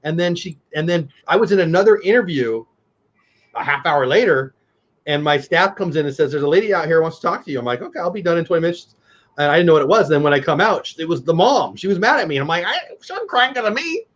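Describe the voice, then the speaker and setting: Man, fairly high voice, blunt, animated storyteller, dull lo-fi audio. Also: fast. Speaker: co-host. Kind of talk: casual chat. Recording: dull lo-fi sound.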